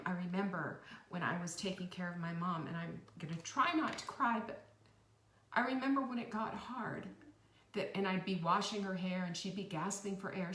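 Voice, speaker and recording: Earnest woman, roomy distant sound. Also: medium pitch. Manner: earnest, encouraging, asks listeners direct questions. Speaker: host. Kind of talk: motivational faith talk.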